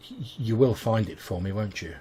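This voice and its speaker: Breathy dream woman, soft and pleading, as a man puts her on. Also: on the low side, fairly quick, a little hiss or hum, natural voice.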